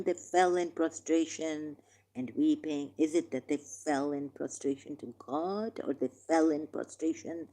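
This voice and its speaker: A woman reading scripture aloud and commenting on it with passion, slowing down for the verses and pausing with hesitations. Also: sits low, warm tone. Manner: impassioned, reads verses slowly with hesitations. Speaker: religious commentator.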